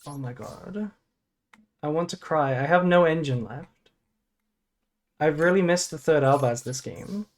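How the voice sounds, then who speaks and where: A woman's voice: low-pitched, moderate pace, a little mellow. A woman streamer casually thinking aloud through a card game, swearing and groaning melodramatically at her bad luck.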